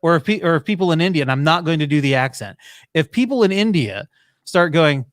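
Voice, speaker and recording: A man hosting a podcast in casual chat, animated and wry, swearing freely between asides. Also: a little high, quick pace, no room sound, clean studio sound. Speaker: podcast host.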